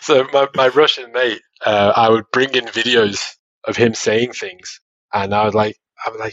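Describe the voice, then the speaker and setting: A man, a father telling stories as a podcast guest, animated and quick to laugh. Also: on the low side, dry recording, dull audio. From Australia. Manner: animated storytelling, laughs often, many restarts. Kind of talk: casual interview chat.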